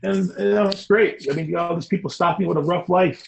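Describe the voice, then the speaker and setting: A middle-aged man, a designer as interview guest, talking in an animated, rambling, emphatic way. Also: high voice, quick pace, creaky, slight background noise, low-quality recording. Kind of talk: casual interview talk.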